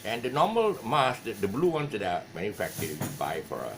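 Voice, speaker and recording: A man with a Malaysian English accent, talking his way through a guitar lesson in loose, rambling chat full of "uh"s and restarts. His fairly low voice rises and falls a lot. Clear background noise sits under the recording. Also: huge pitch swings, a little fast. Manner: rambling, hesitant, many fillers and restarts. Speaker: guitar teacher. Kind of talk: casual video lesson talk. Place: his music shop.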